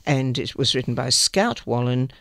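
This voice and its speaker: Man reading news in a lively voice. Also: mid-range voice, normal speed, vocal fry, no echo, clean studio sound. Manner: plain, careful reading with small slips. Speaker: newspaper reader. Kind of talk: reading news articles aloud.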